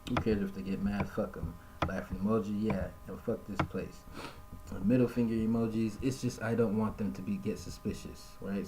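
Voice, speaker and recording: A man with a low, dark, mellow voice gives casual live-stream commentary, reading messages aloud and raising his pitch for the quoted lines. A faint hum sits under the recording from his home setup. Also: poor audio. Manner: conversational, reads quotes aloud in a higher voice.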